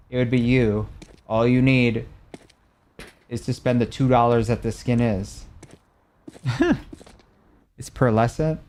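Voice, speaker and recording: A young adult man talks casually with his live-stream audience, reacting with animation while his voice moves between loud and soft. The voice is mid-range, and there's a bit of background noise.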